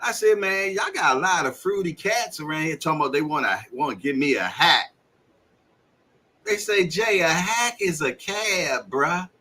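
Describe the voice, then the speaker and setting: Animated, bright-voiced man telling stories. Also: fairly high pitch, normal speed. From Washington, D.C. area. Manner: animated storyteller, acts out quoted voices, laughs often. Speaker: podcast host. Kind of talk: casual storytelling chat.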